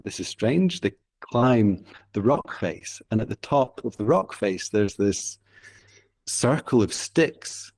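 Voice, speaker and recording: A Scottish man with a Scottish accent and a lowish, slightly mellow voice appears as a storyteller guest in an interview. He tells a traditional tale vividly and rhythmically, repeating phrases for effect.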